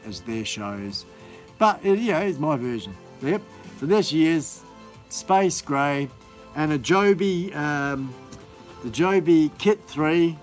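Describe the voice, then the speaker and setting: A man hosting a live stream in a casual, rambling, enthusiastic way, full of fillers and restarts. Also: medium pitch.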